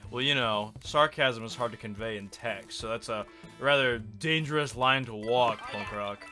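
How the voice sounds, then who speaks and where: Brief: casual male let's-play host, mid pitch, bright and snappy. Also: normal speed, faint music behind. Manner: joking, sarcastic asides, laughs often. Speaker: streamer.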